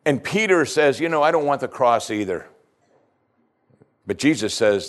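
A man's voice: medium pitch, lively intonation, normal speed, pauses often. A male pastor preaching a sermon, retelling scripture in casual everyday speech and addressing the congregation directly. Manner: conversational preaching, paraphrasing scripture in plain speech.

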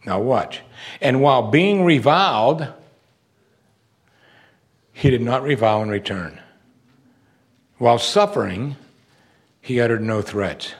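A man's voice: expressive, takes it slowly, pauses often. Earnest male preacher with rising emphasis. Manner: earnest, emphatic, with rising pitch on key words. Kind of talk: sermon.

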